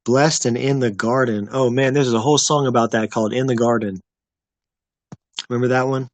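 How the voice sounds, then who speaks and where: A man's voice: mid-range voice, steady tone, moderate pace. A man hosting a casual livestream, chatting with viewers in a rambling, laid-back way. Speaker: livestream host.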